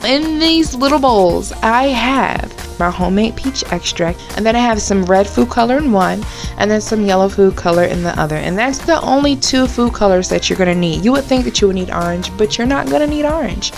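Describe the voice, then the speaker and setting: A woman's voice: medium pitch, animated, a little fast, vocal fry, soft background music. A woman hosting a baking tutorial, chatty and bubbly, talking straight to her viewers. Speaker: baker and cake channel host.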